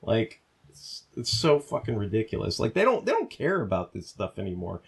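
A man's voice: fairly low pitch, wildly swooping pitch, moderate pace, vocal fry, slightly rough. A man co-hosting a podcast, ranting heatedly in casual talk, swearing constantly and restarting his sentences. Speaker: podcast co-host. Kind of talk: profane casual rant.

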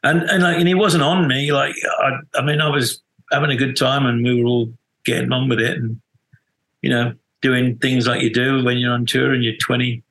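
A man's voice: medium pitch, little pitch movement, a little fast, fairly bright tone, rough recording. A middle-aged man, a guest musician in a casual interview, telling rambling stories full of restarts and acted-out quotes. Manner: rambling storyteller, many restarts, acts out quotes.

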